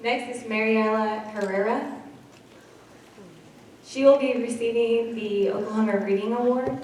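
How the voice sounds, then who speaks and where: A woman's voice: a little high, steady tone, measured pace, darkish tone, slight background noise. Emotional woman teacher in an echoey hall. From Kansas. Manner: emotional, chatty, laughing asides. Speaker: teacher presenting awards. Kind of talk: award ceremony speech. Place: school gym or hall. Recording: echoey hall, mic far off.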